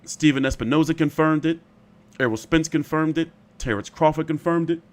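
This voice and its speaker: A man's voice: on the high side, moderate pace. A man hosting casual boxing commentary, rambling and opinionated, often profane.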